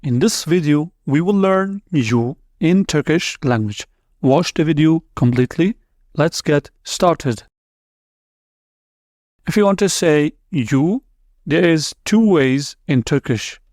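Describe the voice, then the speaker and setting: A man teaching a language lesson, repeating words slowly and clearly, with small slips in his English. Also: a little high, animated, a little mellow, no room sound, clean studio sound. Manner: non-native English with small grammar slips. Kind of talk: slow, deliberate language lesson.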